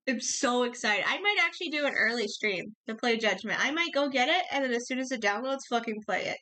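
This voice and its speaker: A woman game streamer chatting casually while she plays, excitable and giggly, swearing casually. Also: a little high, fairly quick, hardly any pauses.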